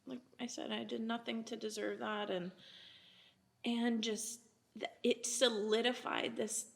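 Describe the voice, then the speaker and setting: A young woman sharing a personal faith testimony as a podcast guest, retelling events in an animated way, often quoting people and breaking into laughter. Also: on the high side, a little slow, gravelly.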